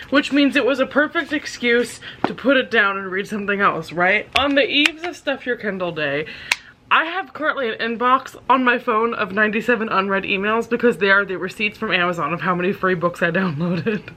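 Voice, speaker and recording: Bright-voiced sarcastic young woman vlogging. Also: medium pitch. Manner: sarcastic, laughing, rambling asides. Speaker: book vlogger. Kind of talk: casual vlog chat. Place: at home, in bed.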